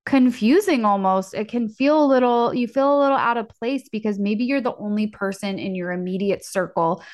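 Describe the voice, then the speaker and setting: An upbeat young woman talks casually on her own podcast, peppering her speech with fillers and acting out little quoted exchanges. Her voice sits at an ordinary middle pitch. It is recorded close on a dry mic with no room sound. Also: normal speed, darkish tone, no echo. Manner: chatty, upbeat, lots of fillers and acted-out quotes. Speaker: podcast host. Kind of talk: casual solo podcast talk.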